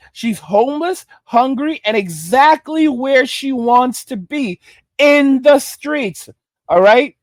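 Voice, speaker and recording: A man's voice: extremely high pitch, no echo, clean studio sound. A man from Arizona giving blunt, emphatic reaction commentary that he keeps punctuating with "all right?". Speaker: online commentator.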